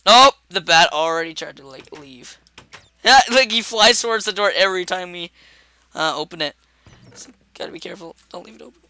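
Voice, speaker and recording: Playful young Canadian man, bright crisp voice. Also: high voice, brisk, no echo. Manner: playful, joking, excitable. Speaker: gaming channel host. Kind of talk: casual gameplay commentary.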